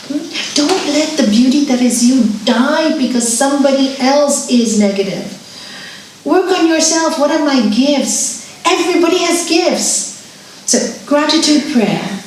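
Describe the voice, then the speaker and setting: A middle-aged woman, a yoga and spiritual teacher, answering audience questions with lively, laughing talk and repeating her key advice. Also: a little high, slight background noise. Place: hall. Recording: echoey hall, voice from far off, faint ambience.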